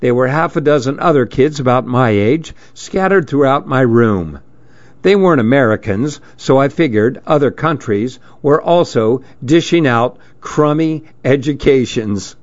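Slow, measured male storyteller. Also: mid-range voice, a little mellow, lo-fi sound. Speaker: narrator. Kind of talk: scripted storybook narration.

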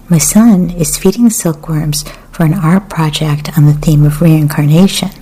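A woman reading poetry and memoir aloud in a soft, often half-whispered, measured way. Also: low-pitched, husky. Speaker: literary reader.

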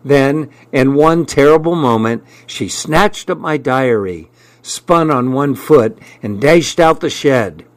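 A man narrating a first-person story as an audiobook, with measured storytelling. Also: mid-range voice, lively intonation, no echo.

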